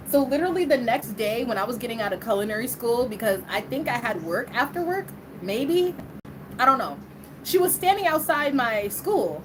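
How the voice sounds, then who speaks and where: High-voiced woman telling a prank story. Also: noisy background. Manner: laughs often, acts out quoted voices. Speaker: vlogger. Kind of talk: casual storytelling.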